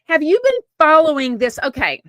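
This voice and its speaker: Chatty higher-voiced Southern woman host. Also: normal speed, dry recording. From Texas. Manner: chatty, frank, swears casually, lively asides. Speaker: podcast host. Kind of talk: casual gossip chat, reading live comments.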